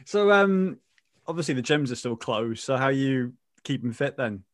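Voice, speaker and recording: A man hosting a football podcast, relaxed and teasing, laughing often. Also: medium pitch, normal speed, no echo, studio quality. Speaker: podcast host. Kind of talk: casual chat.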